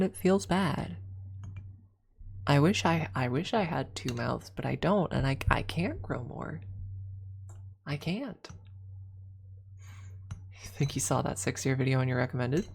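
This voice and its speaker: A woman's voice: sits low, lively intonation, measured pace, vocal fry, pauses often, darkish tone, slight background noise. A woman streamer chatting casually with her chat, rambling and restarting her sentences and laughing often. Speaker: streamer taking chat requests.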